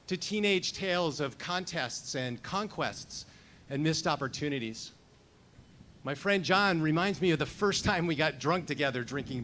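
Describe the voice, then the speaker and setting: A man's voice: on the high side, fairly bright tone, a little hiss or hum. A man in his fifties performing a personal story at a storytelling slam, wry and reflective. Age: 50s.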